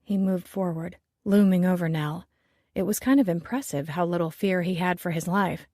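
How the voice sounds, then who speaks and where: Female audiobook reader, lowish voice, wry and measured; dry, close recording. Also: steady tone, darkish tone, dry recording. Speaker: audiobook narrator. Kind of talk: first-person audiobook narration.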